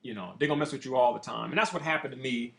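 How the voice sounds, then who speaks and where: A man who is a motivational speaker, telling a personal story in a casual, profane, animated way. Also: medium pitch, racing, vocal fry. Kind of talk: storytelling monologue.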